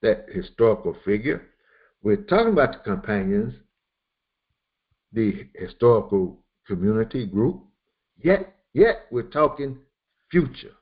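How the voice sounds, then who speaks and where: Lively lo-fi man teaching Quran commentary. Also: medium pitch, breathy edge. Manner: explains slowly with repetitions and Arabic quotations. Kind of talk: verse-by-verse Quran commentary lesson. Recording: dull lo-fi recording.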